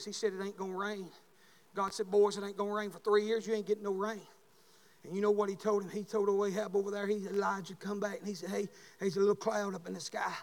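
A man preaching a sermon as pastor, telling folksy stories and building to shouted calls. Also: high voice. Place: church sanctuary. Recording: long hall reverb.

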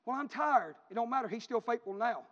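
Pastor, man, high-pitched and fervent, repeats his points, recorded dull in a reverberant sanctuary. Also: lively intonation, brisk, a bit bright. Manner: fervent, repetitive storytelling preacher. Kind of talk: sermon. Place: church sanctuary.

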